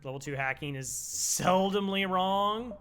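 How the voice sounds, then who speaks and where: Young male streamer, slow laid-back delivery, slightly high voice, wry chat with viewers. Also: fairly bright tone, slight background noise. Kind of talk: casual game commentary with chat.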